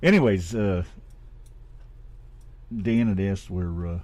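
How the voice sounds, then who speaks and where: A man's voice: low voice, takes it slowly, darkish tone. A middle-aged man from Ohio with a Midwestern American accent, co-hosting a radio show in rambling, casually profane chat.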